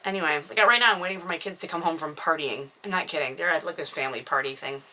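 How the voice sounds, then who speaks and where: Woman, 30s, author recapping her book, casual chat to camera, digressive, self-deprecating, low voice, at home. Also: quick pace, bright, forceful tone. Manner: rambling, digressive, self-mocking asides. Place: at home indoors, dog nearby. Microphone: camera microphone.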